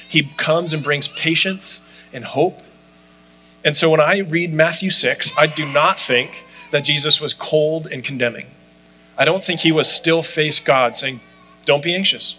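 A man's voice: a little high, sharp tone, low-quality recording. A man preaching a sermon in a conversational way, often saying "like" as he talks. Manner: conversational, frequent "like" fillers. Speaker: pastor.

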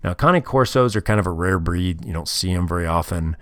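Podcast host, male, very low voice, worn out and rambling, dry close sound. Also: lively intonation, brisk, no room sound. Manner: rambling, frank, self-deprecating, with crude words. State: tired, yawning. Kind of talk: casual solo podcast storytelling.

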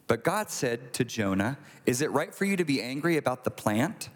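A man preaching a sermon, retelling a scripture story in a conversational, animated way with acted asides. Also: medium pitch, moderate pace. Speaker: pastor. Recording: long hall reverb.

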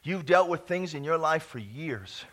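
A man preaching a charismatic sermon in a church, exuberant, breaking into laughter and shouted praise. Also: a little high, lively intonation, a little slow. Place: church sanctuary.

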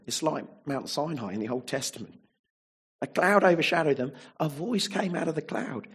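A man's voice: a little high, slightly rough. A man preaching a sermon, emphatic and fond of rhetorical tag questions.

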